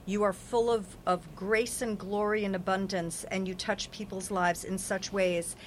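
Lady giving a psychic reading, repeats herself a lot, soft background noise. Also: mid-range voice, flat delivery, a little slow. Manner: earnest, affirming, repetitive. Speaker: psychic reader. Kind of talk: spiritual reading on a podcast.

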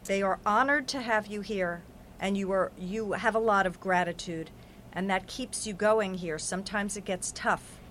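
A woman's voice: medium pitch, normal speed, fairly bright tone, a little hiss or hum. Earnest woman giving a spiritual reading. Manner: earnest, affirming, repetitive. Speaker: psychic reader.

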